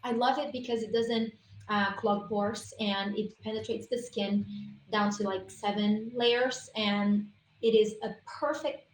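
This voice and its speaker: A little hiss or hum sits under this woman's medium-pitched voice as she gives a lively, chatty essential-oils product talk as a guest presenter. It's a live stream over a video call, recorded with roomy echo and faint room ambience.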